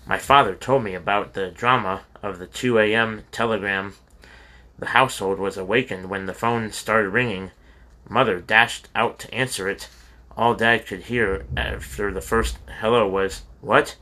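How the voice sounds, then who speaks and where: This audiobook reader, a man with a low but bright, forward voice, narrates a memoir at normal speed with fairly even intonation. Earnest and heartfelt, he occasionally slips and restarts, more home reader than polished studio pro.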